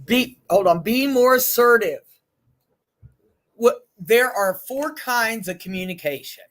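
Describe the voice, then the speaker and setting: A woman leading a group session on stress, talking frankly and in a lively way, with blunt asides. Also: on the high side, unhurried. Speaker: group facilitator.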